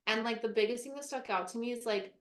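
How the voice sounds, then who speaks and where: A woman's voice: on the high side, fast. Chatty woman in an echoey room. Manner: encouraging, chatty, casual swearing. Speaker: podcast co-host. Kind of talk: casual chat.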